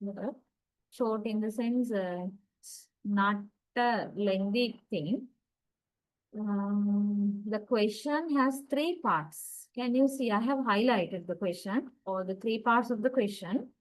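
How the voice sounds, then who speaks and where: Woman lecturer, highish voice, walks through intonation rules, keeps asking "right?" and says example sentences with big rises and falls. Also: poor audio. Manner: explains step by step, frequent "right?" checks and "uh" fillers; demonstrates sentences with exaggerated intonation. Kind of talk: university lecture on English intonation.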